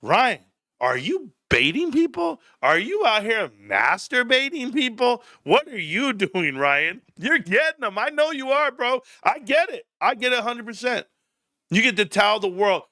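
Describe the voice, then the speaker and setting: A man hosting a stock livestream, excitable and profane, often laughing and shouting. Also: very high voice, normal speed, dry recording, studio quality. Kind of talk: livestream commentary.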